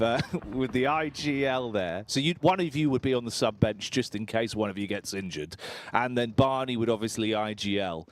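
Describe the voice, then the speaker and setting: A man's voice: medium pitch, slight background noise. A man casting a live esports match with jokey, matey banter. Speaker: esports caster.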